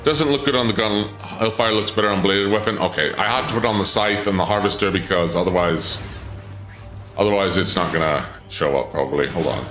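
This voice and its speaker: A man's voice: deep voice, brisk, fairly bright tone, reverberant, soft background music. A man casually commenting on a game during a live stream, thinking aloud and answering chat. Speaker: gaming streamer.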